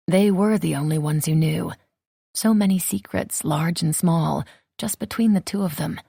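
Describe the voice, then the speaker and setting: A woman narrating a romance audiobook in an even, measured reading. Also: sits low, vocal fry, breathy edge, no room sound, studio quality. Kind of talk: scripted narration.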